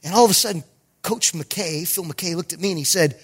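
A middle-aged man, a pastor, preaching a sermon with animated storytelling and emphatic points. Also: high-pitched, brisk, husky.

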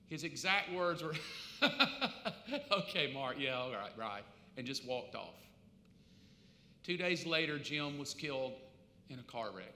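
A man preaching a sermon, shifting from quiet storytelling to loud, pleading acted voices. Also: fairly high pitch, slight background noise. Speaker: pastor. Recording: echoey hall.

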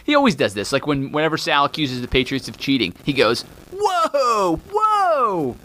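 A man co-hosting a comedy podcast, talking in an animated, exasperated way and swearing freely. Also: mid-range voice, fast talker, a little hiss or hum. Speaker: podcast co-host.

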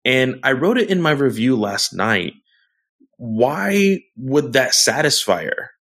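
A man with a mid-pitched voice talks in a casual comic book review chat. He stops and restarts often and leans on "like", while his pitch rises and falls a lot. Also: big pitch swings, slow pace, a bit bright. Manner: hesitant, full of restarts and "like".

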